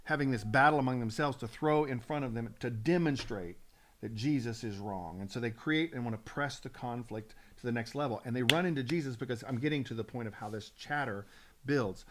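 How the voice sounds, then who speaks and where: A man's voice: medium pitch, a little fast. A man, a pastor, teaching from the Bible on a talk show, earnest and building up steam, often restarting his sentences.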